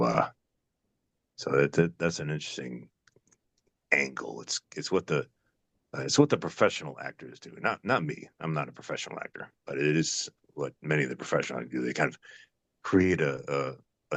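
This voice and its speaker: A man's voice: very deep voice, no room sound. An older man, an actor guest, musing in a casual interview, rambling with many fillers and restarts.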